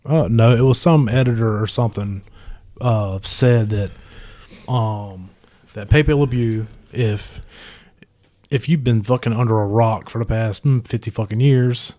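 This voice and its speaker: A man's voice: fairly low pitch, measured pace, mellow. A man co-hosting a podcast in casual chat, blunt and full of curses, with short retorts. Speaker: podcast co-host.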